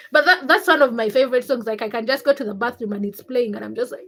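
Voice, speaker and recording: A woman's voice: fairly high pitch, fast, hardly any pauses. Chatty young woman hosting a livestream. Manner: reads viewer names and greets them, then tells a personal story. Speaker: livestream host. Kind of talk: casual livestream chat.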